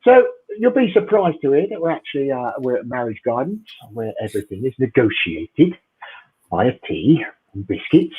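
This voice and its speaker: A middle-aged English comedian rambles through a self-mocking routine, his pitch swinging widely. His voice is husky. It reaches us through a thin, phone-like line. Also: very animated, normal speed. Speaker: stand-up comedian. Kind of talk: stand-up routine over video call.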